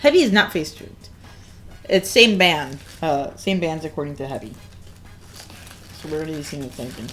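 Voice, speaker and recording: A woman's voice: low-pitched, lively intonation, normal speed, pauses often, fairly bright tone, faint music behind. Giggly woman commentating a tournament. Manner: giggly, laughs often, chats while eating. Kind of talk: casual esports commentary.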